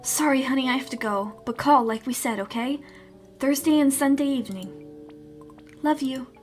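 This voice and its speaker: A woman reading the lines of a gentle, scatterbrained mother on the phone, in a soft, tender way. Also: high-pitched, moderate pace, faint music behind, lightly acted. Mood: hurried. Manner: soft and tender, calls her daughter darling. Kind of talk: reading game dialogue aloud.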